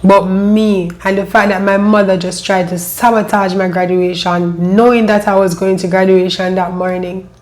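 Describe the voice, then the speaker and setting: Recounting her own life story, a woman with a lilt speaks in a mid-range voice that stays steady and level, rarely rising or falling. She sounds emotional and halting, circling back to repeat her words as she goes in this personal storytelling.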